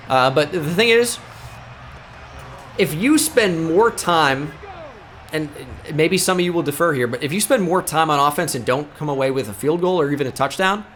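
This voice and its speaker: Excitable man calling video game plays. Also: fairly high pitch, slight background noise. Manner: excitable, jokey, breaks into shouted play-calls. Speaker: gaming video host. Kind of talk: gameplay commentary.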